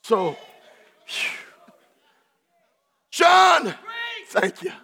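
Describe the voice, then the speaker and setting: A male pastor preaching in a fervent, high-pitched voice, hammering phrases again and again and then falling to quiet asides. His voice rings out with the long reverb of a large church hall. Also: very animated, drawn-out words, vocal fry. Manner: shouting, rhythmic repetition, drops to soft asides. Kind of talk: sermon. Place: church sanctuary.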